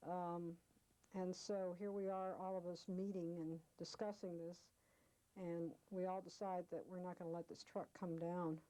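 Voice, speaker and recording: A woman's voice: on the low side, warm tone, low-quality recording. A woman recounting a past confrontation in an oral history interview, acting out what people said. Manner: vivid storyteller, acts out quoted speech. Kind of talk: storytelling recollection.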